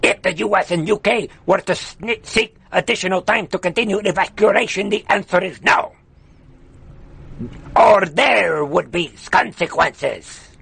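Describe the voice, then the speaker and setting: A man's voice: high-pitched, creaky, fairly bright tone, slightly rough, voice pushed up, exaggerated voice. A man mimicking a stern foreign spokesman. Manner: slow, clipped, put-on foreign accent. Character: stern foreign male spokesman issuing threats.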